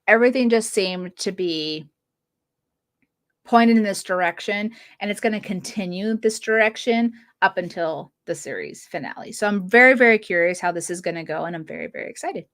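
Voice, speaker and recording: A woman hosting a fan podcast, casually reviewing episodes with a chatty, giggly manner and quick quoted asides. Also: mid-range voice, a bit bright. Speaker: podcast host.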